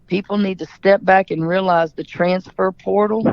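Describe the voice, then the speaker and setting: A woman's voice: medium pitch, fairly even intonation, moderate pace, no room sound, lo-fi sound. A middle-aged woman from Louisiana, a basketball coach answering interview questions in a forthright, storytelling manner.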